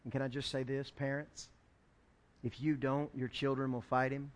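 A male pastor preaching a sermon, emphatic and joking, building up to shouted lines. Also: medium pitch, flat delivery, normal speed.

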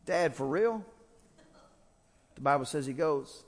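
Joking pastor in an echoing church. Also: male voice, a little high, animated, slow pace. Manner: humorous, conversational storytelling with restarts. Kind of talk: sermon. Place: church sanctuary. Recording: long church-hall reverb.

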